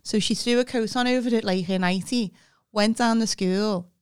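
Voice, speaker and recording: A woman's voice: medium pitch, moderate pace, clear, resonant tone. A woman in casual chat, telling rambling childhood stories with plenty of swearing. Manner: rambling anecdotal storytelling with swearing.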